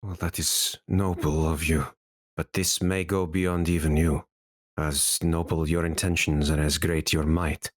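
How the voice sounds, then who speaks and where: A man's voice: very deep voice, flat delivery, unhurried, no echo, studio quality, voice pushed down. A man voicing a wounded older male sage who speaks in a scratchy, solemn, formal way. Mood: grave.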